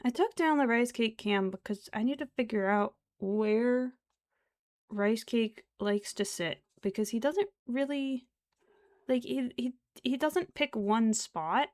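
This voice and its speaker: A young woman streamer chatting casually while she crochets, rambling along with soft laughs and half-whispered asides. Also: fairly high pitch, slow pace. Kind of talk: casual chat while crafting.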